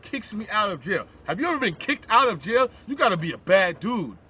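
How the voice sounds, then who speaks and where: A man's voice: high-pitched, a little fast, a little hiss or hum. A young man telling a rambling, crude shaggy-dog story with lots of asides, on a lo-fi phone recording. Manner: animated, crude, digressive.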